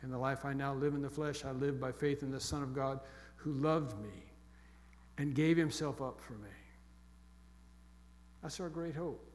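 A man preaching a sermon with emphatic, repeated phrases that fall soft and quiet toward the close. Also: mid-range voice, fairly even intonation, moderate pace, pauses often. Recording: long echo of a large hall.

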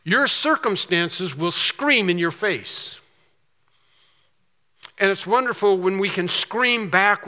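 A man with a high, bright, forceful voice preaches an expository sermon. He poses questions and answers them himself with emphasis, and his words ring out in a hall with a long reverb. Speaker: pastor.

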